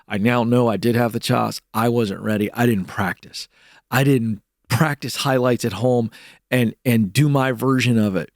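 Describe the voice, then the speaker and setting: A man telling a personal story to an audience in a lively way, acting out the voices of others and often repeating words. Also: mid-range voice, vocal fry, no echo, clean studio sound. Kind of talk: animated storytelling talk.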